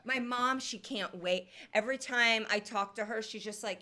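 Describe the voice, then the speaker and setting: Bright-voiced woman doing stand-up. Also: fairly high pitch, moderate pace. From Indiana, USA. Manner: deadpan, conversational, with filler ums. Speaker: stand-up comedian. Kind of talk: stand-up comedy set. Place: comedy venue with live audience.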